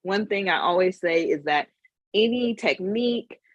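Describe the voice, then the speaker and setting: A woman's voice: mid-range voice, lively intonation, normal speed, dry recording, highs cut off. A woman giving a casual motivational webinar talk as a money mindset coach, telling her story earnestly and emotionally.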